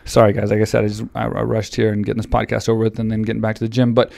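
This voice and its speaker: A man's voice: fairly low pitch, completely flat delivery, racing, creaky, darkish tone, no room sound, studio quality. A man hosting a podcast in casual chat, still a little out of breath, rambling with many restarts. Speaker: podcast host and coach. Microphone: studio podcast mic.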